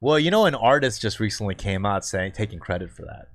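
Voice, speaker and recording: A man's voice: lowish voice, lively intonation, quick pace, dry recording. Joking man hosting a podcast. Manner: joking, swears casually. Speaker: podcast host. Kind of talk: casual chat.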